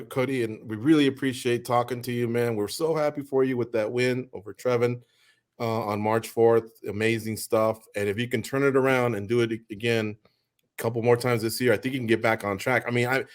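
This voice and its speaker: A man's voice: medium pitch, normal speed. A man hosting a radio show, asking long, winding questions in a chatty way and wrapping up the interview.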